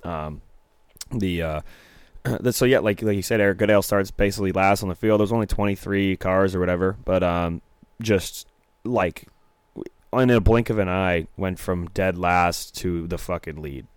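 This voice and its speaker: A man's voice: sits low, normal speed, smooth, dry recording. A man hosting a casual podcast, recapping a race in a rambling way with fillers and swearing. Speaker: podcast host. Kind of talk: casual chat.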